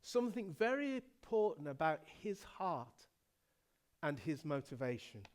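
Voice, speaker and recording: A middle-aged English pastor preaches a sermon, telling the story dramatically and swinging from hushed to loud. His voice is a little high and sing-song, and he doesn't hurry.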